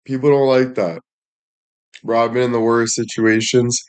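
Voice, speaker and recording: A man's voice: medium pitch, flat delivery, normal speed. A man livestreaming and addressing his chat in a heated rant, frustrated, swearing often and repeating himself.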